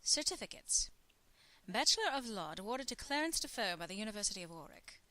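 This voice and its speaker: A woman voicing a wry, rambling male gentleman thief in a put-on English accent that wavers, speaking his lines with dry, self-mocking humor in a game. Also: mid-range voice, big pitch swings, a little fast. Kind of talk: in-character game voiceover.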